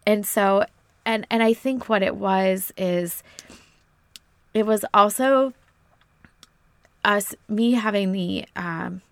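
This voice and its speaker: Emotional woman with a gravelly voice. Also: mid-range voice, no echo. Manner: earnest, halting, restarts when emotional. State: a little emotional. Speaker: parent of a son with spina bifida, podcast guest. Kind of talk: reflective personal story in conversation.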